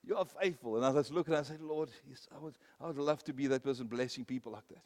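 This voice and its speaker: A man preaching a sermon, telling personal stories, rising to loud, emphatic peaks and then dropping low. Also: fairly even intonation, fast. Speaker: pastor.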